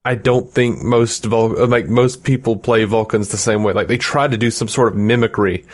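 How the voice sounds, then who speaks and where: A man's voice: mid-range voice, steady tone, moderate pace. Chatty man podcast co-host. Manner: rambling, laughs often, many fillers. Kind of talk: casual chat.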